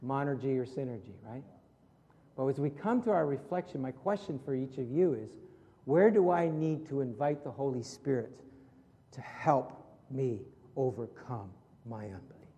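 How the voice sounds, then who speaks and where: A man preaching a conversational sermon as pastor, asking his congregation questions and dropping softer for prayerful moments. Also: medium pitch, expressive, moderate pace, husky. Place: church hall with congregation. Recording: long hall reverb.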